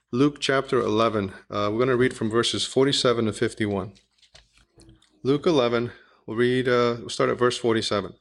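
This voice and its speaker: A man's voice: mid-range voice, a bit bright. A man teaching a Bible study, methodically reading scripture passages aloud and explaining them. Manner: methodical, reads scripture aloud in King James wording.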